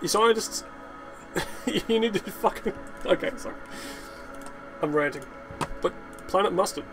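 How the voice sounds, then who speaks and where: A man's voice: high voice, unhurried, music in the background. A man giving rambling, unedited gameplay commentary, swearing, laughing and ranting as he talks. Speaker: gaming channel host.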